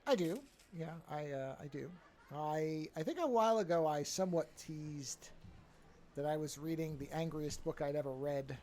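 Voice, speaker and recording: A man co-hosting a podcast in casual chat, relaxed and chuckling as he tells his own story. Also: on the high side, normal speed. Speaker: podcast co-host.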